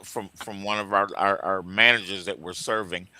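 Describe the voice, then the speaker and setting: A man's voice: sits low, steady tone, moderate pace, pushed and bright. A man from co-hosting a radio talk show on recruiting, joking and laughing often in casual chat.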